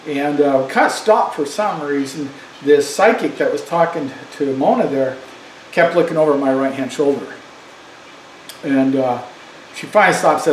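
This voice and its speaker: A man's voice: on the high side, normal speed. An older man telling a personal story in a casual, rambling way, full of fillers and restarts. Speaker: vlogger. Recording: roomy echo with faint background noise.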